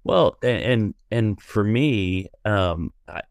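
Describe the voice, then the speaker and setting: A man, a minister and podcast guest, tells a long story in conversation, with rambling restarts and fillers that turn animated in the lively parts. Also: fairly low pitch, slow pace, no room sound. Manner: rambling, many restarts and fillers, animated when telling stories.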